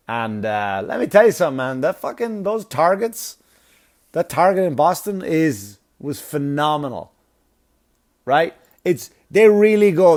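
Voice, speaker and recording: A man tells a comedic personal anecdote in a loose, storytelling delivery. He swears often and gets animated, laughing at his own jokes as he goes. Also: fairly high pitch. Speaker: stand-up comedian. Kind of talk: comic storytelling.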